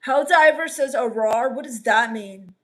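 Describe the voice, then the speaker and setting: A woman hosting a comedy livestream, reading chat in a gloomy, deadpan gothic valley-girl drawl, dismissive and misanthropic. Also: on the high side, a little slow.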